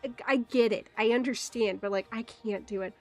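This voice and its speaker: A woman livestreamer chatting casually with her viewers, rambling with quick asides, giggles and playful exclamations. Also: a little high, darkish tone, faint music behind. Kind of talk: casual rambling stream chat.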